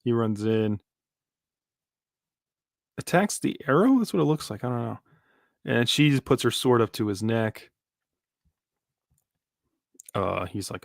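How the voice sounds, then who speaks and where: A man's voice: fairly low pitch, unhurried, vocal fry, pauses often, no echo. Rambling man, dry close sound. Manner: rambling, casual, many fillers and restarts. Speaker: streamer. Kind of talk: live manga reaction commentary.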